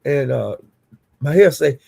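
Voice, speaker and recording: A woman's voice: extremely low pitch, animated, normal speed, gravelly, warm tone, breathy edge. A woman vlogger giving casual gossip commentary to her viewers, blunt, profane and indignant.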